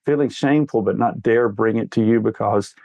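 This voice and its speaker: Telling stories like a father would, a middle-aged man speaks earnestly as a guest in a candid interview. His brisk, gravelly voice is on the low side with a darkish tone, and no room sound is audible.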